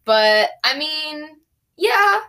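A woman's voice: high-pitched, sing-song, extremely slow, pushed and bright. A teenage girl as a podcast guest, chatting casually and laughing often. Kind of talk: casual chat.

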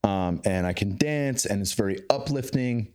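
A man from the Bay Area of California talks casually as a podcast guest, in a fairly low voice. He rambles, doubling back and filling gaps with filler words. His tone stays loose and conversational. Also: lively intonation, normal speed, warm tone, clear, resonant tone.

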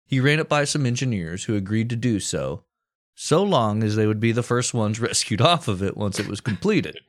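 Male podcast co-host, lowish voice, casual profane history narrator. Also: lively intonation, normal speed. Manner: storytelling with crude jokes and profanity.

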